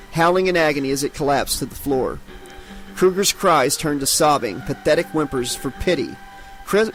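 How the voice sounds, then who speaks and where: A man's voice: fairly high pitch, fairly bright tone, poor audio. A man narrating an unabridged horror audiobook dramatically, giving each character its own voice.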